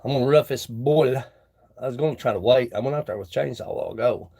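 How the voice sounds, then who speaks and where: A man's voice: medium pitch, quick pace, warm tone. A man talking casually on a live stream from his woodshop, rambling and chatting with viewers between tasks. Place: woodworking shop.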